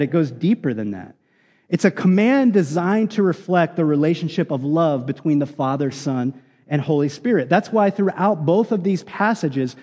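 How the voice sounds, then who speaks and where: A man's voice: a little high, dark tone, long reverb tail. A man preaching a sermon, explaining scripture in an earnest, emphatic teaching manner with frequent restarts. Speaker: pastor.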